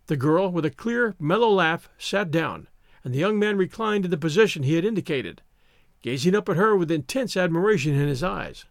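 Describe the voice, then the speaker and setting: A man narrating an adventure story as an audiobook, in expressive, measured storytelling. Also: a little high, no echo, clean studio sound.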